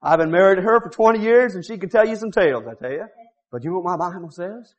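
A middle-aged man preaching a revival sermon, folksy and full of rhetorical questions, swinging from loud shouts to low muttered asides. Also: animated, fast. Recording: dull lo-fi recording.

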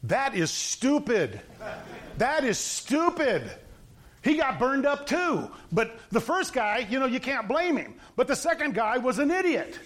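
A man's voice: extremely high pitch, very animated, unhurried, a bit bright. A middle-aged man preaching an informal sermon, telling stories with gusto, acting out the characters and laughing at them.

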